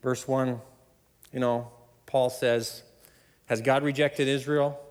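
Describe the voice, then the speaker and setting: A man preaching a sermon, emphatic and animated, often laughing between points. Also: slow. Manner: animated, emphatic preaching with sudden loud high stresses. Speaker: pastor. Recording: long hall reverb.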